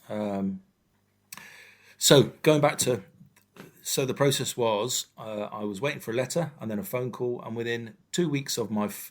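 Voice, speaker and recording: A man in his fifties, a firefighter guest speaking frankly and haltingly with many fillers in an interview. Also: lowish voice. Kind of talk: candid personal interview.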